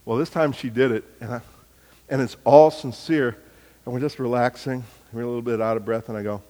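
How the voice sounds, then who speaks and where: A man's voice: medium pitch, steady tone, brisk, dark tone, long reverb tail. A middle-aged man preaching a sermon, telling family stories with acted-out dialogue and building to emphatic points. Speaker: pastor.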